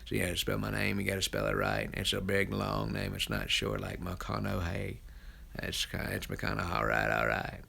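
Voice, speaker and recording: A man doing an impression of a famous actor, with a slow, lazy, hushed drawl. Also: on the low side, vocal fry, exaggerated voice.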